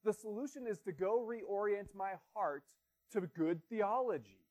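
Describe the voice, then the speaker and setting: High-voiced pastor preaching earnestly. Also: male voice, measured pace, darkish tone. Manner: earnest, conversational preaching with rhetorical questions. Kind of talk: sermon.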